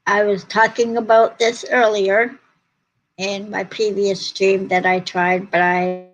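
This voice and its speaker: A tired woman hosting a casual livestream at home, talking slowly and greeting viewers in the chat. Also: medium pitch, little pitch movement, poor audio. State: yawning and tired. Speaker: livestream host.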